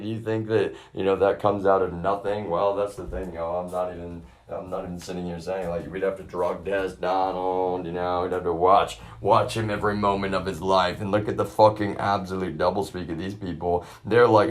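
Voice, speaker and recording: Deep-voiced man on a profane ranting stream. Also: level tone, normal speed, few pauses. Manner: swears heavily and keeps addressing the audience as y'all. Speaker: livestreamer. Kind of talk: profane rambling rant to a live audience. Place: at his grandmother's residence. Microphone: self-filmed camera.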